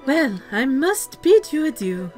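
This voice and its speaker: Smug pretty-boy prophet voiced by a woman, hammy French accent, slow, mock-elegant. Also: high voice, big pitch swings, darkish tone, soft background music, voice pushed up. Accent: put-on French.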